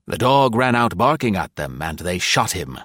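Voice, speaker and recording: A broad-shouldered, gruff stranger with a deep voice and a wry, wary manner , as an audiobook narrator plays him. The reading is close and dry. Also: male voice, sing-song, moderate pace, a bit bright, no room sound, full character voice. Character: heavy-set, gruff, suspicious man with a gun.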